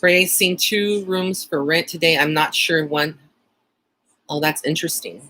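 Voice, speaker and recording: A man's voice: fairly high pitch, unhurried, pushed and bright. Chatty Texan man on a livestream. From Texas. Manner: chatty and rambling, frequent fillers and light laughter. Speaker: psychic medium hosting a live chat. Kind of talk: casual live-stream chat.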